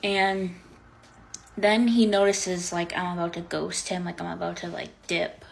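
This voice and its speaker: A young woman tells a story straight to camera in a low, easy voice. She fills her talk with "like" and "um" and gets dramatic when she quotes people. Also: flat delivery, unhurried, gravelly, rough recording. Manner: chatty, lots of "like" and "um" fillers. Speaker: vlogger. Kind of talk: casual storytime.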